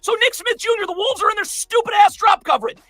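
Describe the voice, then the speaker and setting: A man breaking down basketball game film, profane and exasperated, often yelling at the player on screen. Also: extremely high pitch, quick pace, no room sound, faint music behind. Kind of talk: heated film breakdown commentary.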